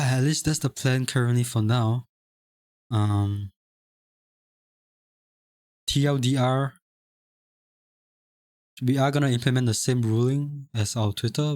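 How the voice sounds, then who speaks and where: A man's voice: mid-range voice, darkish tone, no room sound, studio quality. Chatty young man, Singaporean English accent. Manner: chatty, rambling, many restarts and stammered repeats. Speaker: streamer. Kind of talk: casual live-stream chat, reading chat aloud.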